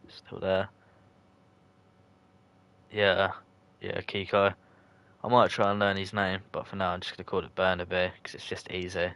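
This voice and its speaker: A man's voice: low-pitched, a bit bright, clear, resonant tone. A man live-streaming a football video game, chatting loosely with his viewers, joking in slang and swearing when things go wrong. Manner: chatty and loose, answers chat viewers by name. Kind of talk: casual live-stream commentary, reacting to chat.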